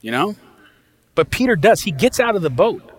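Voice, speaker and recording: Man, pastor, sermon, conversational, somewhat high voice. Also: sing-song, moderate pace, slightly rough. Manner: conversational, often checks in with "right?".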